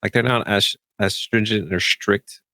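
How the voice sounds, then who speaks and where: Low-voiced rambling man, dry sound. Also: steady tone, measured pace, bright, forceful tone, no echo. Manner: rambling, many "like" fillers and restarts. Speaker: tabletop game player. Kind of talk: casual chat about a tabletop campaign.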